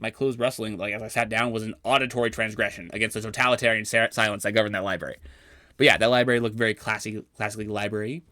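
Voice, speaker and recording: Young man, personal vlog narration, dry close sound, crisp bright tone. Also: mid-range voice, dry recording. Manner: wry, self-deprecating, occasionally flowery. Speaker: vlogger.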